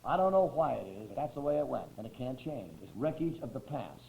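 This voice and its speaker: A man's voice: mid-range voice, sing-song, a little fast, roomy sound, slight background noise. Folksy man on an old tinny tape. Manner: folksy storytelling, wry humor, frequent throat clearing. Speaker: recovery meeting speaker. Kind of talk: personal recovery talk. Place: meeting hall with a crowd.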